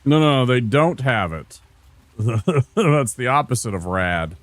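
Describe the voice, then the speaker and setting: A man's voice: medium pitch, lively intonation, slow pace, dry recording. A laid-back man from Minnesota streaming a game, rambling casually and talking to viewers by name. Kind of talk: casual gameplay chat with chat.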